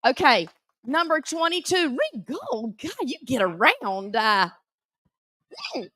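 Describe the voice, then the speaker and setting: A woman with a Southern American accent announcing prize winners at a live event, teasing and animated. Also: sits high, slow pace, no echo. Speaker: auction emcee.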